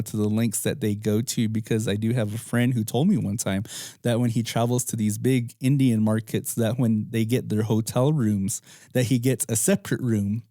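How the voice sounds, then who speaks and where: A man's voice: mid-range voice, dark tone, dry recording, clean studio sound. A man co-hosting a podcast, asking rambling questions in a casual, hesitant way with many fillers. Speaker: podcast co-host.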